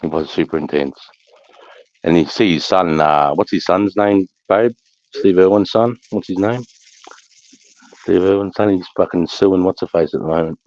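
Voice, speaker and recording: Very deep-voiced Australian man, sweary chat. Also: moderate pace, a little mellow, dull audio. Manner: blunt, sweary, rambling. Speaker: livestream host. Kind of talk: casual chat.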